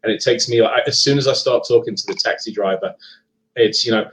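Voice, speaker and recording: Podcast guest: middle-aged Englishman, Leicester accent with an American tinge, lowish voice, chatty and hesitant. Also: steady tone, quick pace, poor audio. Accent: Leicester English, partly Americanized. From England. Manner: chatty, hesitant with frequent ums and restarts. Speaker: guest author and paranormal investigator. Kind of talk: casual live podcast chat.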